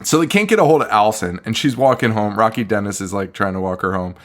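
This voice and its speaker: A man's voice: lowish voice, quick pace, a bit bright. A man co-hosting a podcast, recapping a film in casual chat, laughing often and swearing freely. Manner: laughing, profane, tangent-prone. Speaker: podcast co-host.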